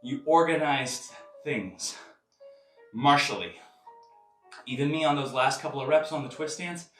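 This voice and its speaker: A man leading a live kung fu and tai chi workout class, counting reps with sharp exhaled breaths and chatting casually between exercises. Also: medium pitch, a little slow, echoey room, far from the mic, soft background music. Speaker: martial arts instructor.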